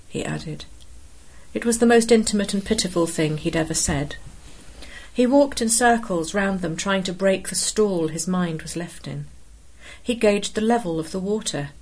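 Woman reading a story aloud, lowish voice, steady and expressive. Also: normal speed. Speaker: narrator. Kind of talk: scripted story narration.

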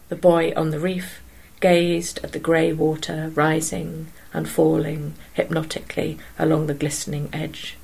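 A woman narrating a story aloud in a steady, measured way. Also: sits low, vocal fry, breathy edge, low-quality recording.

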